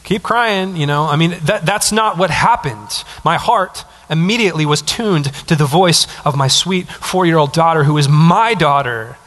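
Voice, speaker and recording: A man's voice: a little high, moderate pace, hardly any pauses, a bit bright. A pastor in his thirties preaching a sermon in a conversational, emphatic way, with asides to the congregation.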